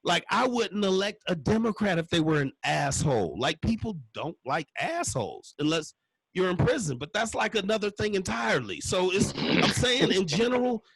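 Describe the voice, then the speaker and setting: A man's voice: high voice, very animated, normal speed, gravelly, a bit bright, breathy edge, dry recording, rough recording. A man doing a stand-up comedy set, ranting in a loose, profane way with constant curse words.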